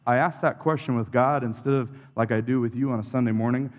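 Delivering a sermon fast but in a steady, medium-pitched tone, a pastor reflects and confesses, using repeated phrases to build each point. His voice rings with the long reverb of a big hall.

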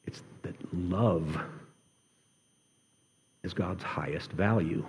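A man preaching a sermon in an earnest way, slowing and dropping his voice for emphasis. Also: low-pitched. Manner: earnest, varies pace, drops to quiet emphasis. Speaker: pastor. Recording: long hall reverb.

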